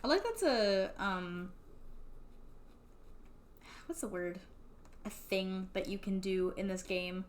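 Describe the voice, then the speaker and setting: A woman's voice: medium pitch, takes it slowly, long pauses. A young woman streaming a farming game, chatting casually to herself and laughing often. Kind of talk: casual gameplay commentary.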